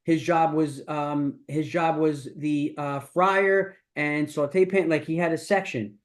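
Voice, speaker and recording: Taking it slowly, with a slightly high voice and a steady tone, a middle-aged man coaches business in a masterclass. He rambles casually and emphatically, frequently starting his sentences over.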